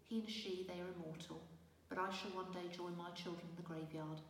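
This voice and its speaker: A woman's voice: fairly low pitch, level tone, fairly quick, a little hiss or hum, natural voice. A woman voicing a worried mortal mother who speaks sadly and earnestly, recorded far from the mic in a reverberant room. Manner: sad, earnest. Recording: roomy distant reverberant recording.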